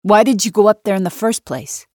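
Gruff, pressing middle-aged NYC cop for a thriller audiobook, put on by a woman narrator, raised and a little louder than her own voice, dry close sound. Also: medium pitch, fairly quick, dry recording, pitched above the performer's own voice, lightly acted. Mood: probing. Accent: New York, as put on. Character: gruff middle-aged male NYC detective, stocky, probing.

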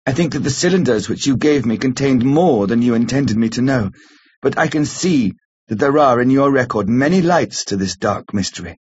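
Man reading earnest young woman, husky tone, dull lo-fi audio. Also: mid-range voice, lively intonation, normal speed, a little mellow. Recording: slightly muffled lo-fi recording.

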